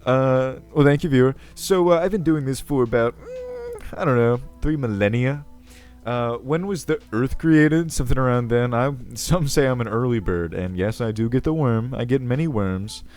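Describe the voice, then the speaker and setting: A man's voice: mid-range voice, very animated, moderate pace, darkish tone, natural voice. A man voicing a self-important, ancient male goblin king who rambles, with a crackly voice, over faint background music. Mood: pompous. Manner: pompous, rambling, self-assured. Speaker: video host. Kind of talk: character comedy Q&A.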